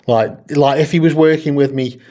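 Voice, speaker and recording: A man's voice: on the high side, moderate pace. A man co-hosting a casual podcast, telling stories with plenty of swearing and laughter. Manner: animated storyteller, laughs often, swears freely. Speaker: podcast co-host. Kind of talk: casual chat.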